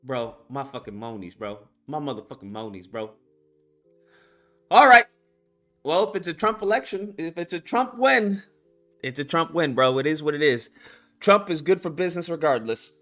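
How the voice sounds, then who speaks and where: A man hosting a live stream, reacting with animated, profane talk and sudden shouted outbursts. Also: a little high, moderate pace, faint music behind. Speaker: streamer host.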